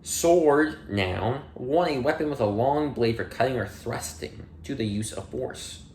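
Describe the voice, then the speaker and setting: Reading dictionary entries one after another, this male audiobook narrator keeps his delivery plain but drops in dry asides and little playful slips. He speaks a little slowly in a medium-pitched, slightly mellow voice, in an echoey room with a bit of background noise.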